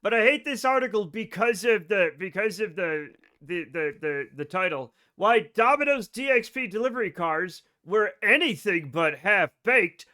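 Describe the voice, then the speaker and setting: A man streaming a space game live, chatting excitedly with his viewers and swearing when things go wrong. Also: sits high, normal speed, hardly any pauses. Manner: excitable, swears when frustrated, reads chat aloud. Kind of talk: live gaming stream chat.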